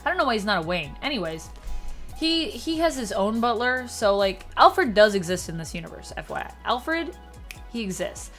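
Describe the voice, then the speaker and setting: A woman giving a casual spoken review of a TV episode, chatty and sarcastic, her voice jumping up and down in pitch and loudness. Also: animated, a little fast, soft background music. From Canada. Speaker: TV show reviewer.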